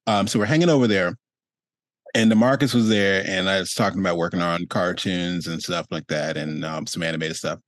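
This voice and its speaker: A man hosting a relaxed, rambling interview over a video call, with plenty of fillers. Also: low-pitched, a little fast, no room sound. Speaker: host. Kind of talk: casual interview chat.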